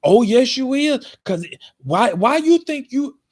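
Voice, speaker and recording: A man's voice: very high-pitched, big pitch swings, a little slow, a little mellow, pitched above the performer's own voice, full character voice. A man putting on a cocky, pushy young guy. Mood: insistent. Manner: insistent, cocky. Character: pushy young male friend haggling over a price.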